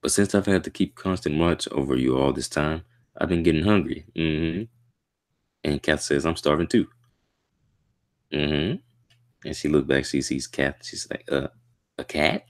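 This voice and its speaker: A man reading a manga chapter aloud and reacting to it in a casual, slangy way, with excitable outbursts. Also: very deep voice, unhurried, pauses often.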